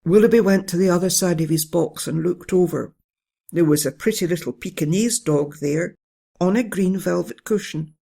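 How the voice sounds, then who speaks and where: A storyteller reading a children's bedtime story in a gentle, steady way. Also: medium pitch, normal speed, gravelly, breathy edge. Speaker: narrator.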